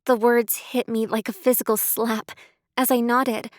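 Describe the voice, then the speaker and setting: A woman narrating a first-person audiobook in a measured way, close to the mic. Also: on the high side, flat delivery, no echo.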